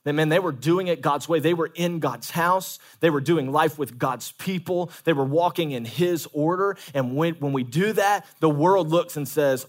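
A man preaching a sermon as pastor, animated, calling for amens and acting out quoted voices. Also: a little high, moderate pace, few pauses.

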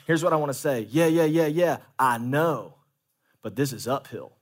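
A man preaching a sermon as pastor, animated, calling for amens and acting out quoted voices. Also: mid-range voice, brisk.

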